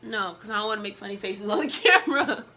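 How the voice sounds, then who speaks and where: A woman's voice: medium pitch, animated, quick pace. A young woman telling a personal story in a casual storytime vlog, candid and emotional, with many fillers.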